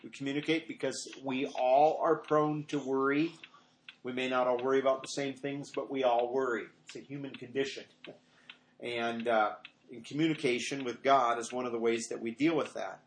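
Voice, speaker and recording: A middle-aged pastor gives an informal sermon, rambling through personal stories and acting out what people said in a raised voice. His voice is medium in pitch, fairly even and moderate in pace, and conversational, recorded in an echoey room with faint noise.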